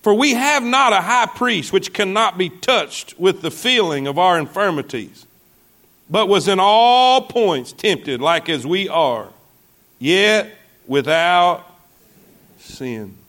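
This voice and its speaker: Pastor, male, high voice, sermon delivery with congregation asides. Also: animated, slow, a bit bright. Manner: preaching with call-and-response asides to the congregation.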